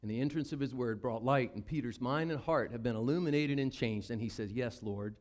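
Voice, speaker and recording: A man's voice: medium pitch, fairly quick. A man with a Southern US accent preaching a sermon, acting out the Bible characters' lines. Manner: animated, acts out Bible characters in voices. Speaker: pastor.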